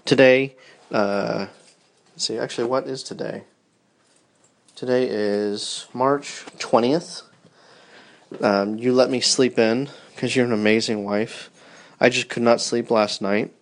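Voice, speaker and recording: A man's voice: mid-range voice, steady tone, slow, pauses often. Casting note: a sleepy man in his thirties with a mid-range voice, talking in a loose, tender, rambling way to his wife. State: tired, yawning. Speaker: podcast host. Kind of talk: personal audio diary to his wife.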